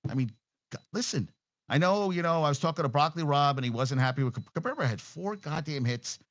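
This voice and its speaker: A man's voice: on the high side, expressive, fast talker, no echo, muffled recording. A man hosting a casual sports talk show, ranting bluntly and profanely with an exasperated edge.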